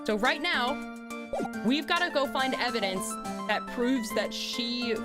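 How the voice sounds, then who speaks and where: A young woman chats to her stream at a desk mic, giggly and casual, with a voice that rises and dips a lot. Her pitch sits on the higher side. Loud game music plays right under her voice. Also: expressive, measured pace. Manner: giggly, chatty, swears casually. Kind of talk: casual live-stream chat while playing.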